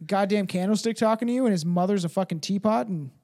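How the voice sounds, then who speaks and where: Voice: medium pitch, quick pace, dark tone. A podcast host chatting casually and reading a story aloud, swearing a lot and tripping over words.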